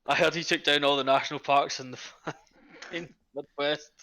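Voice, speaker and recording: A man's voice: fairly high pitch, fairly even intonation, moderate pace, bright, forceful tone. A man playing a tabletop game casually, brash and swearing a lot. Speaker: player.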